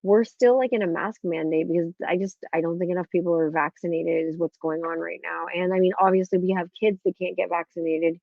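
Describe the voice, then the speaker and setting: A woman's voice: on the low side, steady tone, brisk, vocal fry, few pauses, dry recording. A woman hosting a casual live-stream podcast, telling stories in a chatty way, swearing freely and acting out what people said. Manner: chatty storytelling, swears freely, acts out quotes. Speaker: podcast host. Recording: tinny phone-like dry sound.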